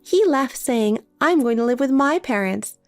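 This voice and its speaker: A woman's voice: high-pitched, animated, normal speed. A synthetic woman's voice playing a desperate, pleading married older sister in a text story, with faint music behind. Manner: pleading, insistent.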